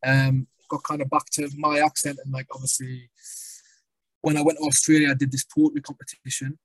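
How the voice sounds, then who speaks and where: A young man with a North East English accent tells rambling stories in a relaxed guest chat, swearing casually. His pitch stays flat and even as he talks. The recording is dry and close, with no room sound. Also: fairly quick, no echo, low-quality recording. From Sunderland, North East England. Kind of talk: casual conversation.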